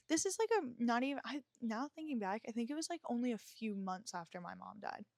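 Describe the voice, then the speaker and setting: A woman's voice: on the high side, expressive, fairly quick, creaky, few pauses, dry recording, studio quality. A young woman hosting a podcast, telling a personal story in a frank, emotional way, swearing freely and using lots of fillers. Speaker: podcast host.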